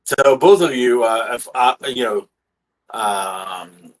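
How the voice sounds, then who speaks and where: A man's voice: medium pitch, expressive, rough recording. Casual swearing man running a tabletop game. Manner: casual, swearing, halting with fillers. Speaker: game master.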